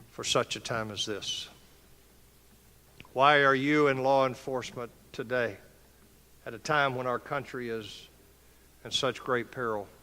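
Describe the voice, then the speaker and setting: Brief: older male speaker, emphatic motivational address, forceful tone, echoey hall. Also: medium pitch. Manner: emphatic, impassioned, preacher-like delivery. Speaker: conference speaker. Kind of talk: motivational speech. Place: conference hall.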